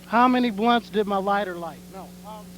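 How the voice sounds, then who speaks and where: High-voiced guy joking around live, swearing a bit, old tv tape hiss. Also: normal speed. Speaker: telethon participant eating cereal. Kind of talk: joking live broadcast banter.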